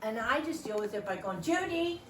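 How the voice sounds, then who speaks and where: In a meeting room, a middle-aged woman trains volunteers, joking frequently and acting out other people's words in animated voices. Her medium-pitched speech is brisk, and she sounds distant from the mic, with reverb and background noise.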